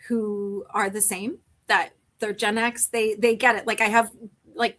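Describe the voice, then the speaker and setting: A woman's voice: fairly high pitch, fairly bright tone. A middle-aged woman, hosting a live stream and talking candidly and emotionally in a rambling, casual way. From Canada.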